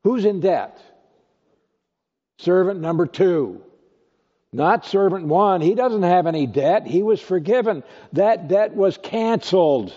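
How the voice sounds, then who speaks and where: A male pastor preaching an expository sermon, teaching slowly and deliberately with rhetorical questions. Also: sits high, animated, warm tone. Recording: dull lo-fi recording with long hall reverb.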